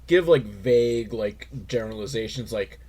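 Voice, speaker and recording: A man's voice: fairly low pitch, animated, normal speed, a little mellow, breathy edge. A man hosting a comedic recap of a TV episode, talking in a wry, rambling way with lots of filler words. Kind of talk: casual comedic commentary.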